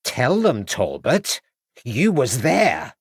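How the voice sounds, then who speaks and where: A man voicing a loud, formidable, buxom middle-aged landlady who booms and gives orders. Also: wildly swooping pitch, takes it slowly, husky, no echo, studio quality, full character voice. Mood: bossy. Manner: booming, bossy, dismissive.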